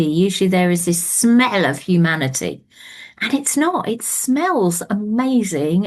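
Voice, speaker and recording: A woman storyteller telling a folk tale aloud, speaking intimately and often dropping to a whisper. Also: mid-range voice. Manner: slow and intimate, dipping to whispers. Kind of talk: oral storytelling.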